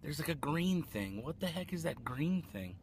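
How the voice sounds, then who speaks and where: A man vlogging casually at a fast food restaurant, rambling and talking with his mouth full as he tastes a dessert. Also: a little high, sing-song, slight background noise. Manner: chatty, rambling, eating while talking. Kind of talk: casual food-tasting vlog.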